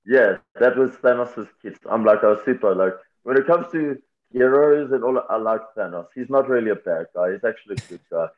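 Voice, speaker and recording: A man's voice: medium pitch, animated, moderate pace. Man over a tinny line. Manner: candid, reflective, laughs easily. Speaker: MMA fighter, guest. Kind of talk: casual interview talk.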